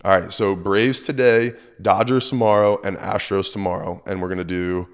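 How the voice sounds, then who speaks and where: Low-voiced hoarse man, upbeat betting chat. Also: steady tone, normal speed. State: hoarse, losing his voice. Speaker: sports betting show co-host. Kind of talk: casual chat.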